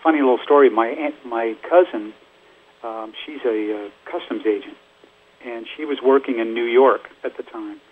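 A man's voice: medium pitch, moderate pace. Older man chatting over a phone line. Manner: rambling, chatty, lots of fillers and laughs. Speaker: musician guest. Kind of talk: casual interview storytelling.

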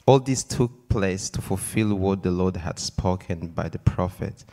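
A man with a very low voice reads scripture aloud. His delivery is steady and formal, and he moves through the passage evenly. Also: a little slow. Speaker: scripture reader. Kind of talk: scripture reading.

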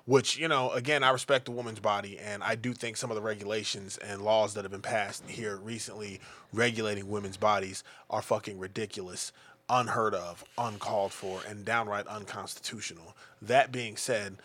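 A man's voice: lowish voice, fairly even intonation, normal speed, fairly bright tone. Blunt, foul-mouthed podcast co-host man. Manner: blunt, profane, mocking. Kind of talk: casual podcast rant.

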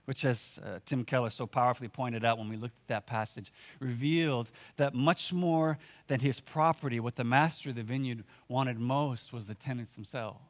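A man's voice: medium pitch, fairly even intonation, moderate pace, few pauses. A man preaching a sermon as pastor, earnest and conversational, often using filler words and restarting his sentences.

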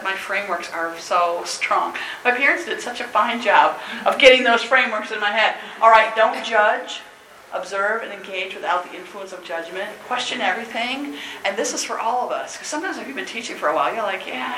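Energetic woman presenting in an echoey room. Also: medium pitch, slight background noise. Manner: energetic, chatty, laughs often. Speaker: teacher trainer. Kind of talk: workshop presentation.

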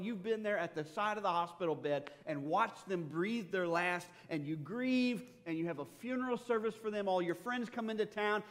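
Male pastor, slightly high voice, conversational preacher with humor, long hall reverb. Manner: conversational, animated storytelling with humor. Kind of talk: sermon. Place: church sanctuary.

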